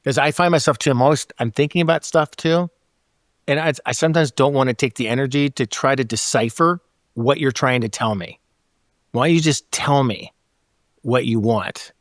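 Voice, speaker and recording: A man talks casually in a podcast conversation, animated and quick to act out snippets of dialogue. His voice sits at an average pitch for a man. The recording is dry and close, with no room sound. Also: no room sound. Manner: animated, acts out quoted dialogue with laughs.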